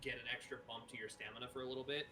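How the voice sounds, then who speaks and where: A man's voice: mid-range voice, very fast, music in the background. A man giving a friend tips and directions during a co-op let's play, speaking in a casual, helpful way. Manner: explaining, relaxed and helpful. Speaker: co-op guest player. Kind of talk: casual gaming chat.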